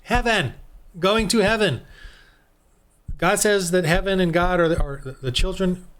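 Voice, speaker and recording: A man's voice: high voice, unhurried, fairly bright tone. A man from the United States giving a rambling, heated, preachy commentary monologue as a Christian video host.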